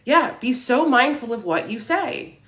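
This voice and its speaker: A woman's voice: on the high side, expressive, a little slow, fairly bright tone, echoey room. Upbeat spiritual woman chatting on a livestream. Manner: upbeat and affirming, preachy about mindset. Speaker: spiritual reader and livestream host. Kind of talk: casual livestream chat, reading viewer comments. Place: her room at home.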